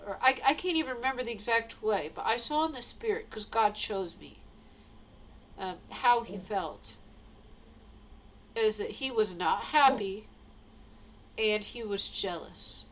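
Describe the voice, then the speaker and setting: A woman's voice: medium pitch, lively intonation, measured pace, pauses often, a bit bright, a little hiss or hum, low-quality recording. A woman talking straight to the camera in a casual, rambling monologue, repeating herself and laughing between lines. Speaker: vlogger.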